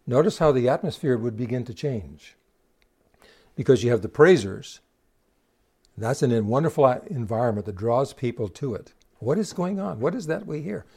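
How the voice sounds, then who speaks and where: A man preaches a sermon in a mellow, warm voice. He retells the scripture story with quoted dialogue. He keeps putting rhetorical questions to the congregation. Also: medium pitch, slightly rough.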